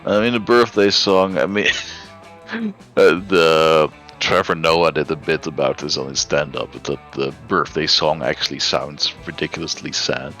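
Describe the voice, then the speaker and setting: A man's voice: extremely low pitch, fairly even intonation, a little slow, pushed and bright, soft background music. A man playing a story game with a friend, chatting casually with dry jokes. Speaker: guest player. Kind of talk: casual chat while gaming.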